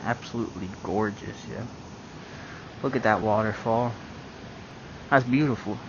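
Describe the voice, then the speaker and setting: A man's voice: lowish voice, measured pace. A young man talking casually on a riding vlog, swearing often and calling the viewer bro and dude, recorded outdoors on a small clip-on mic. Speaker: vlogger. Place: outdoors on a dirt bike on country roads. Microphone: small wireless clip-on mic. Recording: muffled lo-fi audio with loud wind and road noise.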